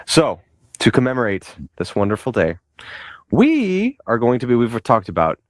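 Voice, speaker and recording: Animated, playful male podcast host. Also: mid-range voice, normal speed, dry recording. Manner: chatty and playful, with laughs and restarts. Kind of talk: casual podcast chat.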